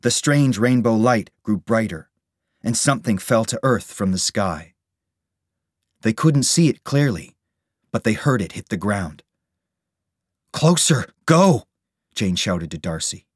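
Low husky male storyteller. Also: animated, measured pace, no room sound, clean studio sound. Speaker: narrator. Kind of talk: scripted storybook narration.

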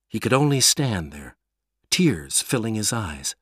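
A man reading a story aloud, slow and expressive. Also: deep voice, slightly rough, no echo, clean studio sound. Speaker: narrator.

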